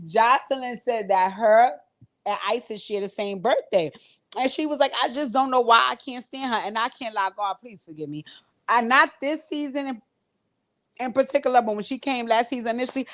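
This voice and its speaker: A woman hosting her own channel, recapping a reality show in a blunt, profane, animated style, laughing often and talking straight to her viewers. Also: fairly high pitch. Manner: frequent laughs and direct address to viewers. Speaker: host.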